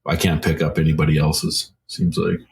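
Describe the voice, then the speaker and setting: A man's voice: rumbling low, flat delivery, normal speed, vocal fry, noisy background. A Canadian man co-hosting a podcast, talking in a laid-back, casual way and swearing now and then. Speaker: podcast co-host. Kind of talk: casual chat.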